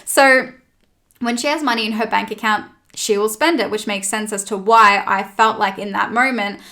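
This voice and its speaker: A woman's voice: mid-range voice, fairly even intonation, moderate pace, sharp tone. A young woman chatting as a podcast guest, retelling a personal story with plenty of swearing. She voices her own past lines as she goes, in an everyday mid-range voice. The delivery is loose and conversational. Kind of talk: casual storytelling chat.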